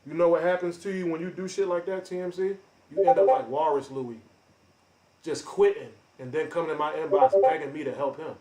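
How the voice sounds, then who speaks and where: A man ranting on a live stream, confrontational and boastful, calling out chat members by name with loud bursts and drawn-out emphasis. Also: a little high. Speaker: livestreamer. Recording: roomy echo.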